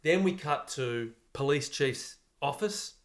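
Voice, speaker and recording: A man's voice: on the high side, expressive, slow pace. Guy, young, podcast co-host, laid-back storyteller with crude humor. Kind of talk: casual comedic chat, pitching a movie plot.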